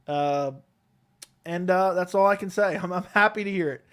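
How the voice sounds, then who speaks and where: A man hosts a casual live stream from home, seated close to his desk microphone. He answers viewers' questions one by one in a relaxed, rambling way. His voice sits a bit higher than most men's. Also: moderate pace, clean tone. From Connecticut, USA. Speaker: MMA YouTube host reading live chat.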